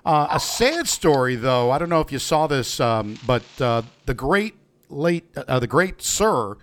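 A man in his fifties co-hosting a casual chat, jokey and halting, with plenty of fillers. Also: medium pitch, big pitch swings, a bit bright. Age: 50s. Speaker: co-host.

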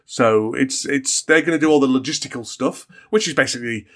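A man's voice: medium pitch, brisk, a bit bright. A man from Australia, a board game designer, teasing and mock-indignant in casual podcast chat.

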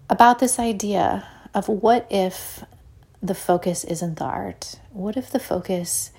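A woman's voice: medium pitch, vocal fry. A woman hosting her own podcast, telling a story in a rambling, casual way, full of "like" and acted-out quotes. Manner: rambling, many "like" fillers; animated retelling with acted-out quotes. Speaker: podcast host.

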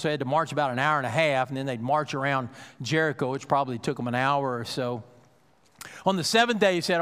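A male pastor preaching a sermon, telling a story with acted-out dialogue and building to loud, emphatic peaks. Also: on the high side, clear, resonant tone, in a large hall.

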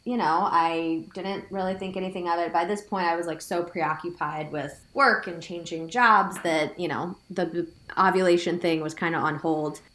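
A woman's voice: on the low side, steady tone, normal speed, hardly any pauses, a bit bright. A woman in her thirties telling a personal story in a casual, chatty way, full of "like" fillers and quoting herself. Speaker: guest sharing her story. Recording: roomy echo.

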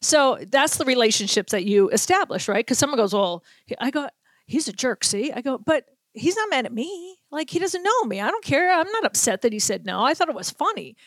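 A woman from Boston, a sports reporter hosting a casual talk show, telling a lively anecdote full of acted-out quotes. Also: high voice, a little fast, dry recording. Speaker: sports reporter, podcast host. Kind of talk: casual storytelling chat.

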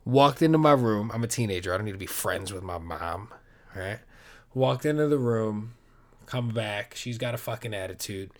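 A man's voice: lowish voice, animated, moderate pace. Laid-back, rambling man hosting a podcast. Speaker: podcast host. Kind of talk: casual solo podcast monologue.

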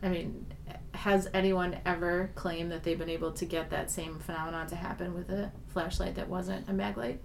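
A woman co-hosting a casual talk about ghost hunting, telling stories in an animated way. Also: lowish voice, normal speed, vocal fry, a little hiss or hum. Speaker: paranormal investigator, co-host. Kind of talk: casual podcast chat.

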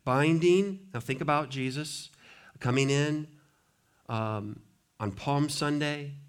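A man pastor preaching a sermon, reading scripture aloud with dramatic swings between hushed, low passages and loud, raised ones. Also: slow pace, clear, resonant tone.

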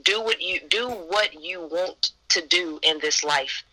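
A man's voice: high-pitched, takes it slowly, sharp tone, low-quality recording. A man co-hosting a podcast who closes with an encouraging, preacherly prayer in a repetitive cadence. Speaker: podcast co-host. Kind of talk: sermon-like prayer.

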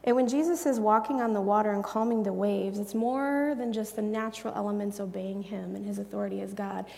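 A woman's voice: mid-range voice, fairly even intonation, brisk, vocal fry. A woman giving conversational Bible teaching in an earnest, chatty way, with a long echoing reverb around her voice. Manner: earnest, chatty, drops into soft hushed asides.

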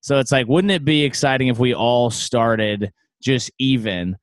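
A man of middling pitch talks loosely on a late-night home podcast call, wandering through his thoughts with wry asides. His voice sounds dry and close, with almost no room around it. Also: measured pace, dry recording. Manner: rambling, musing, wry. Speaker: podcast co-host. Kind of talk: casual late-night chat over a call.

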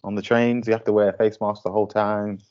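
A man's voice: on the low side, little pitch movement, fast, darkish tone, clean tone, highs cut off. A man co-hosting a podcast in casual chat, laughing easily and talking with lots of fillers. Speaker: podcast co-host. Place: lives in Shanghai.

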